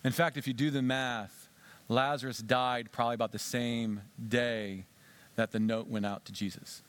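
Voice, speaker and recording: A preacher, male, with a medium pitch and moderate pace, frames his sermon as dramatic storytelling. Though he swings from whispering to shouting and asks listeners direct questions, his intonation stays fairly even, and the sound is clean.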